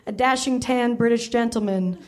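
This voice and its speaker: A woman's voice: on the high side, moderate pace. A woman reading comic fiction aloud on stage, with self-aware asides. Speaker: comedy reader. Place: live comedy theater.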